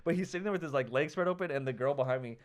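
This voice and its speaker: A young man co-hosting a podcast, telling a story in casual chat, animated, acting out quotes and saying "like" and "dude" a lot. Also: mid-range voice, racing. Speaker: podcast co-host.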